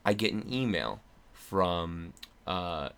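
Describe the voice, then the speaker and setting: A young man, an actor and impressionist, telling a story in casual chat, animated, with many fillers and restarts. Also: low-pitched, slow, gravelly, smooth.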